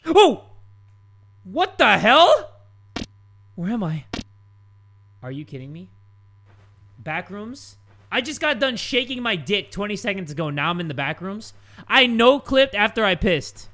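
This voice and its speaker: Guy yelling and joking through a horror game, voice jumps all over, kinda high, faint hiss behind. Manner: loud startled yelps, swearing, jokey asides. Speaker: gaming video host. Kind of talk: casual gameplay commentary.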